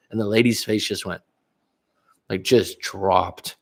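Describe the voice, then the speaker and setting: Casual low-voiced male livestream coach. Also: steady tone, slow, vocal fry, long pauses. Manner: casual, rambling, many restarts, answers chat aloud. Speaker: relationship coach. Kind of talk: livestream chat reading viewer comments. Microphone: livestream webcam.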